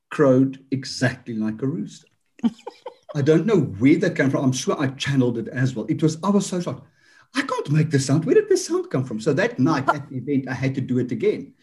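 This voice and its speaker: Husky South African man hosting a podcast. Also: mid-range voice, a little mellow. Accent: South African, Johannesburg. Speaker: podcast host. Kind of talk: podcast interview.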